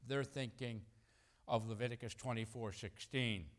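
Animated, chuckling man preaching a sermon. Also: mid-range voice, normal speed. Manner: conversational, animated preaching with acted-out quotes; chuckles between points.

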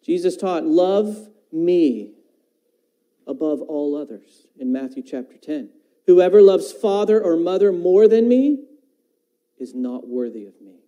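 A man's voice: a little high, expressive, slow pace, warm tone, poor audio. A man preaching a sermon, quoting scripture and asking his listeners questions. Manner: talks about teaching his own children.

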